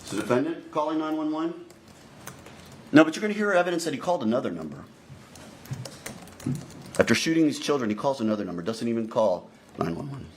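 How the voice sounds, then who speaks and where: A man's voice: medium pitch, lively intonation. Man giving an opening statement in an echoey courtroom. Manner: deliberate, repeatedly addressing the jury directly. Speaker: prosecutor. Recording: echoey courtroom recording, faint noise.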